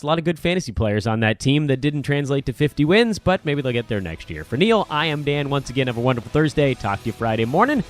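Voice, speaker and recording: A man's voice: medium pitch, sing-song, fast, few pauses, no echo, faint music behind. A middle-aged man hosting a casual sports podcast, rambling and self-deprecating as he chats. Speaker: podcast host.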